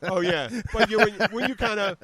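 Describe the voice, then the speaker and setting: A man's voice: high voice, fairly quick, sharp tone. A man co-hosting a podcast, telling rambling, profane stories in casual chat. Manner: rambling, profane, acts out quotes. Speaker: podcast co-host.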